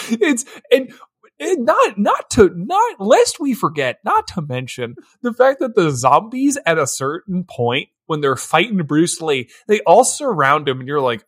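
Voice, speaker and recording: A man co-hosting a podcast in casual movie-review chat, excitable and laughing as he acts out scenes. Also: high voice, normal speed, husky. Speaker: podcast co-host.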